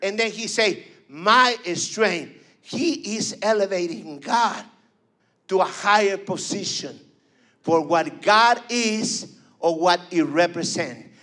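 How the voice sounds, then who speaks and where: A man's voice: sits high, lively intonation, slow, pushed and bright. A man preaching a fervent sermon, repeating phrases and calling for responses.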